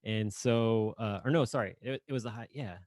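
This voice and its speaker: A man's voice: lowish voice, normal speed, a little mellow, dry recording. A man from Northern Indiana co-hosting a podcast in casual chat. He is laid-back, laughs easily and rambles with fillers. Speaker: podcast co-host. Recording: dry close sound.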